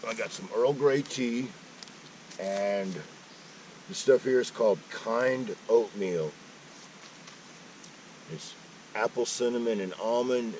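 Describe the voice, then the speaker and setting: A folksy man talks through his camp breakfast in a fairly low voice, easy and chatty, dropping in jokes as he goes. He sits a little back from the mic outdoors, with a faint hum of noise behind him. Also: darkish tone, distant mic, rough recording. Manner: folksy, chatty, joking asides. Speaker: outdoor vlogger. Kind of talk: casual camp-cooking vlog. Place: outdoor mountain campsite.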